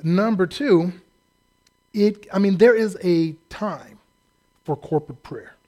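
A man with a notably high voice preaches a sermon as a pastor. He talks conversationally and mocks himself with easy humor. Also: slow pace, darkish tone. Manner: humorous, conversational, self-deprecating.

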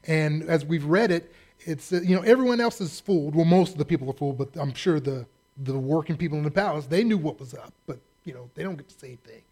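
Male pastor, slightly higher voice, casual joking sermon delivery. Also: fast. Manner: folksy, animated storytelling with humor.

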